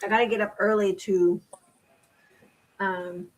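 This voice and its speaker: A woman's voice: medium pitch, fairly even intonation, unhurried, rough recording. A middle-aged woman hosting a crafting live stream, chatting casually and rambling as she repeats and restarts words. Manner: reads crafting measurements aloud. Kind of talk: casual chat while crafting.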